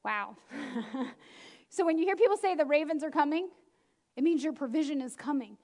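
High-voiced laughing woman preacher. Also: normal speed. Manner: animated, laughing often, acting out quotes. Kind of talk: sermon.

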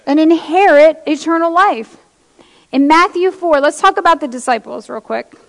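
A woman's voice: high-pitched, normal speed, big-room sound. A woman preacher giving an impassioned sermon, reading scripture aloud and speaking straight to her congregation in a church.

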